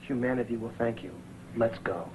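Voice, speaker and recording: A man's voice: medium pitch, moderate pace, heavy background noise, close to an everyday voice. An actor in a 1980s TV soap, urgently pleading his way into a bank vault. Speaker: soap opera character. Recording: tinny old TV broadcast with music.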